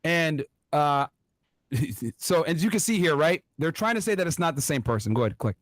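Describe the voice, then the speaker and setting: A man's voice: fairly high pitch, expressive, normal speed, dry recording. A man hosting an online commentary show, talking emphatically and straight to his viewers. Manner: emphatic, addresses viewers directly.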